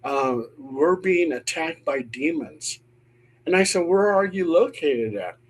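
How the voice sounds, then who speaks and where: A man's voice: a little high, lively intonation, slow pace, husky. A middle-aged man, a paranormal investigator, telling a ghost story on a panel show and acting out the voices he quotes.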